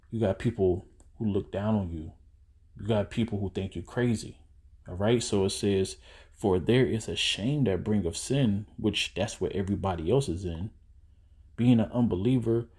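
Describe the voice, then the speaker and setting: Low, mellow-voiced man preaching casually. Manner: conversational street-style preaching, reads verses then explains. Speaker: preacher teaching scripture. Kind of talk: casual sermon. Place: indoors, seated.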